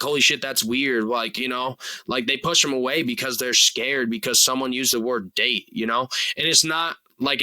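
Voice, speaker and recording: A young man in his twenties talks through a solo podcast in a loose, rambling way, leaning on fillers and dropping swear words. His tone is very bright and sharp-edged. The sound is dry and close, with no room echo. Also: medium pitch. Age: 20s. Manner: earnest and rambling, full of "like" and "you know", casual swearing. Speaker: podcast host. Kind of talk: casual solo podcast monologue.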